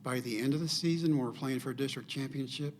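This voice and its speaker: A man's voice: medium pitch, fast talker, slight background noise. An older man, a podcast guest telling a personal story and acting out the dialogue in it.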